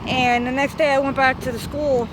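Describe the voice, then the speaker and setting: A high-pitched woman in her thirties rambles through a profane, repetitive storytime. She is outdoors on a bike, and loud street traffic runs under her voice. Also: flat delivery, moderate pace. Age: 30s. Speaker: vlogger. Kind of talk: storytime vlog.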